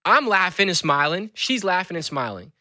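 A man's voice: high-pitched, normal speed, dry recording, studio quality. A man who is an author and school speaker, telling stories animatedly as an interview guest. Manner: animated storyteller. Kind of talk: conversational interview.

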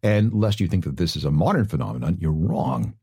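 A man's voice: low-pitched, lively intonation, brisk, gravelly, mellow, slightly rough. A man hosting a radio talk segment, telling stories with wry asides. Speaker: radio host.

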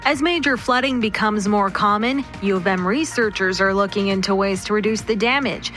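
A woman newscaster reading the midday news bulletin in a crisp, even way. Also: mid-range voice, moderate pace, faint music behind. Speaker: radio newscaster. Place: radio studio.

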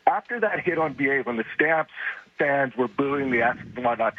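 A hoarse man calling in to a sports radio show, angrily venting about his team and the league. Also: medium pitch, animated. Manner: furious, venting, rapid repetitive complaints. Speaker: caller. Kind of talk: angry fan rant on call-in radio. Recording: muffled phone line with faint noise.

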